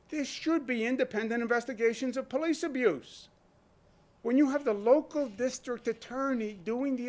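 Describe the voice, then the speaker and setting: Emphatic New man, high voice. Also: a bit bright. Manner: emphatic, rhetorical questions. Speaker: state governor. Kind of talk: press conference speech. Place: press room.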